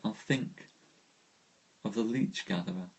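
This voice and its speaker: A man hosting a live poetry stream, reciting verse slowly and dreamily, then chatting with viewers between poems. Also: on the low side, slightly rough. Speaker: host reading poetry aloud.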